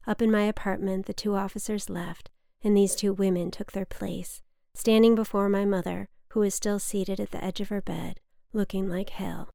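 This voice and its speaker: Woman, memoir reading, measured, wry, gravelly voice, dry close mic. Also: mid-range voice, fairly even intonation, dark tone, no echo. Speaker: memoir narrator. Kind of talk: reading a personal story aloud.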